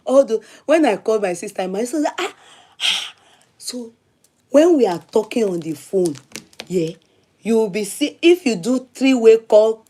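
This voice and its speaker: A woman with a Nigerian accent, hosting a show and telling a long personal story in a casual, chatty, animated way, repeating herself for emphasis. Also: a little high. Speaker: show host.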